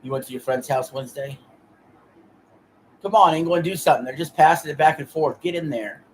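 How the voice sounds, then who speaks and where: A man's voice: a little high, brisk, slight background noise, rough recording. A man casually commenting on a soccer match during a live stream, chatting with his viewers between plays. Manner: chatty, reads and answers chat.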